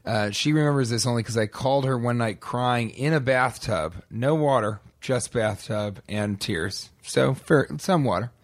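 A man's voice: medium pitch, normal speed, few pauses. A male comedian in casual chat, telling a rambling anecdote and acting out the other people in it.

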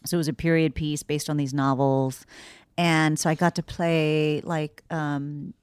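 A woman with a low, dry-sounding voice talks animatedly about acting and directing. She laughs often and speaks in an easy, casual interview style. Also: level tone, measured pace, darkish tone, clean tone, dry recording. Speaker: actress and director.

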